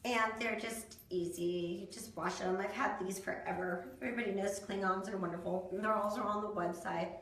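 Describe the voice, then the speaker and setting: A woman's voice: medium pitch, fairly even intonation, fairly quick, hardly any pauses, a bit bright, slight background noise. Chatty woman teaching painting, roomy sound. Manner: chatty, folksy, talks to viewers while painting. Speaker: DIY painting instructor. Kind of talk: casual how-to demonstration. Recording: roomy echo.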